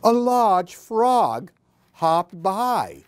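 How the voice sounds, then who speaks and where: Slow, sing-song woman reading picture books. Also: low-pitched, sing-song, darkish tone. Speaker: storyteller.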